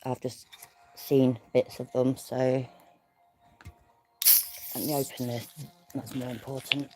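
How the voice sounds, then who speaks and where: In a very deep voice that stays level and slow, a woman hosts a casual livestream from her bed while away from home, with music in the background. It's audio only, no camera, and she rambles self-deprecatingly as she greets viewers by name.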